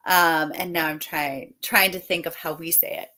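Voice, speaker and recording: A woman's voice: low-pitched, fairly even intonation, normal speed, sharp tone. A woman hosting a livestream in casual chat over a video call. She reads out viewer comments, laughs often and stumbles over her words. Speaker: livestream host.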